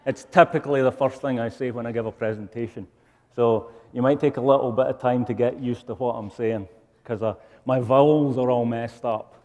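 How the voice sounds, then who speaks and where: A man's voice: medium pitch, steady tone, fairly quick, darkish tone. A man with a Scottish accent giving a public lecture, with wry, self-deprecating humor. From Scotland. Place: lecture hall. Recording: reverberant lecture hall.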